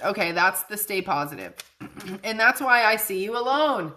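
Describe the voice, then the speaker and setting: Bubbly, bright-voiced woman livestreaming. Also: medium pitch, animated, moderate pace. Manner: bubbly, chatty, laughs often. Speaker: psychic medium livestream host. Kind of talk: casual livestream chat.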